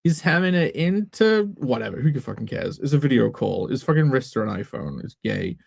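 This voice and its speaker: A man's voice: medium pitch, expressive, a little fast, gravelly, darkish tone, husky, no echo, clean studio sound. A man who creates comics, chatting casually on a live stream, rambling, joking and interrupting himself.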